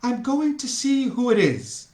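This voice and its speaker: A man's voice: very high-pitched, sing-song, unhurried, darkish tone, voice pushed up, full character voice. A man voicing a bumbling, cheerful amateur actor who hams up his lines. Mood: curious. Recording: roomy echo.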